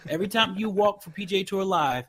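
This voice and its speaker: A man's voice: high-pitched, a bit bright. A man co-hosting a podcast in casual chat, talking with many restarts and laughs. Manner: halting, lots of restarts and laughs. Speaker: podcast co-host.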